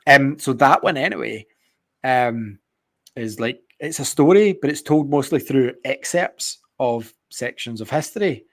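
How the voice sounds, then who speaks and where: A man co-hosting a podcast, chatting casually in an excitable, sweary and rambling way. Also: medium pitch, measured pace. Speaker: podcast co-host. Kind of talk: casual chat.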